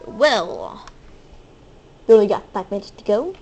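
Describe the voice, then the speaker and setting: A woman giving excitable, hyper commentary over her own gameplay, squealing and playful. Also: medium pitch, unhurried. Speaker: gaming video host.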